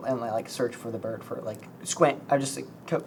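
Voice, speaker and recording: A young adult playing a tabletop game, playful and expressive. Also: mid-range voice, a little fast. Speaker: player. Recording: background noise.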